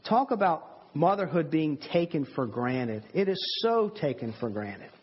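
A man's voice: fairly high pitch, very animated, measured pace, husky, muffled recording. A man preaching a sermon in an earnest, emphatic way, often repeating words and restarting his sentences.

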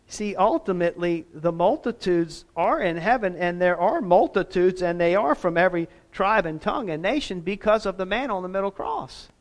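A man preaching a sermon as pastor, talking in a conversational way with self-deprecating asides. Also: high voice.

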